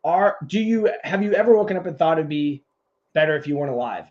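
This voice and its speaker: Man animated, profane podcast co-host. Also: fairly high pitch, quick pace, muffled recording. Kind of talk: casual chat.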